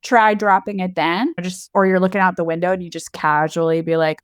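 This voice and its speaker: A woman's voice: lowish voice, steady tone, fairly quick, smooth, no echo, clean studio sound. A woman co-hosting a podcast in casual chat, candid and playful, often laughing. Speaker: podcast co-host.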